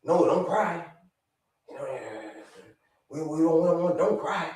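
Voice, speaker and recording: A man hosting a live health stream, talking with viewers in an energetic, repetitive way and giving them shout-outs. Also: fairly high pitch, measured pace, recorded from a distance. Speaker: livestream host, health coach. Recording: echoey room, away from the mic.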